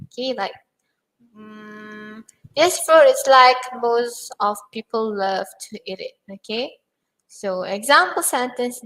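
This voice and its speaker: A woman's voice: a little high, a bit bright, poor audio. A young woman teaching English pronunciation in an online lesson, patiently repeating words for learners.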